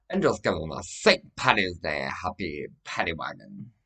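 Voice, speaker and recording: A man's voice: deep voice, vocal fry, sharp tone. A man talking straight to the camera in a rambling vlog monologue, swearing heavily and breaking into agitated outbursts.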